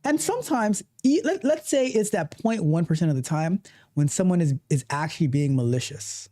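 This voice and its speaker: A woman's voice: low-pitched, lively intonation, moderate pace, dark tone. A woman coach giving a motivational talk, speaking emphatically, repeating her points and acting out how people react. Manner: emphatic, repetitive, acts out quoted reactions.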